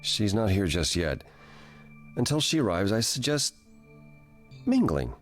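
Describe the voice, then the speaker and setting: An actor playing a calm male god who gently advises a newcomer in a reassuring way. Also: on the low side, unhurried. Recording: game audio with faint music.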